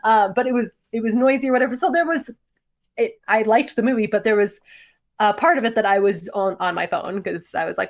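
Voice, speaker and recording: A woman's voice: fairly high pitch, a little fast. A woman in her forties co-hosting a podcast, telling a story with lots of laughter in casual chat. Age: 40s. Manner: animated storytelling, laughs often. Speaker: podcast co-host.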